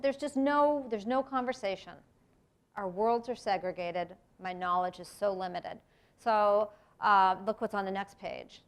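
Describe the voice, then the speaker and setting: A woman's voice: mid-range voice, unhurried. Earnest American woman giving a talk. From United States. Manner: earnest, reflective, with sudden emphatic rises. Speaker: speaker giving a presentation on race. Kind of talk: public talk to an audience. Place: lecture room.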